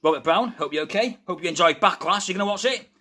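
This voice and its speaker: A man hosting a casual live stream of wrestling news, chatty and excitable, talking through a fever from a room at home. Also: high-pitched, fast talker. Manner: chatty and excitable, addresses viewers as guys.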